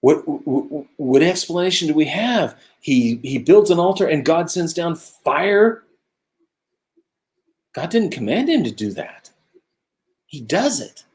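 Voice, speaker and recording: A man co-hosting a casual Bible study talk, earnest and musing, growing animated when he makes a point. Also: fairly high pitch, takes it slowly. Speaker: co-host of a religious discussion show. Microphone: own camera close by, video stream.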